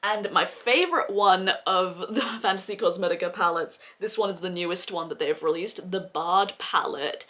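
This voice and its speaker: A woman, reviewing makeup in a casual, gushing vlog, sounding slightly hoarse and filling her talk with "like". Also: fairly low pitch, normal speed, hardly any pauses, sharp tone. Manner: gushing, chatty, heavy use of "like" as filler. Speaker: beauty vlogger. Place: seated at home.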